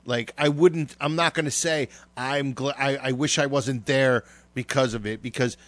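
A man's voice: mid-range voice, fairly even intonation, moderate pace, a bit bright, dry recording. A man co-hosting a radio talk show, telling a rambling, emotional story with plenty of profanity. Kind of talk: casual podcast chat.

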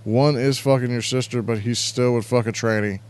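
A man's voice: medium pitch, steady tone, moderate pace, clear, resonant tone. A man hosting an internet radio show, chatting casually and crudely, rambling and reading out chat messages. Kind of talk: casual live-stream chat.

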